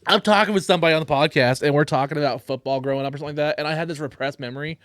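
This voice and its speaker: Podcast host guy, jokey and sweary, slightly high voice, dry mic. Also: rapid-fire, no echo. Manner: joking, swears freely, animated rants. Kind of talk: casual comedy podcast chat.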